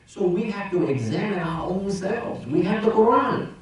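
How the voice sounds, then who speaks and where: Imam preaching friday sermon, kinda high voice, super echoey mosque hall, mic far off. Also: male voice, animated, normal speed. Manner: conversational preaching, rhetorical questions, swings loud and soft.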